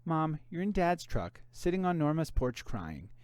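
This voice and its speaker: A man's voice: a little high, big pitch swings, measured pace, darkish tone, smooth, no echo, voice pushed up. A man reading aloud voices a worried young woman deputy who is insistently pleading with her mother for answers.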